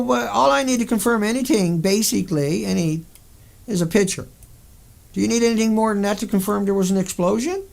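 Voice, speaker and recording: A man with a high, slightly mellow voice and some vocal fry hosts a video, delivering an angry monologue over pictures. His furious, profane rant is packed with sudden outbursts.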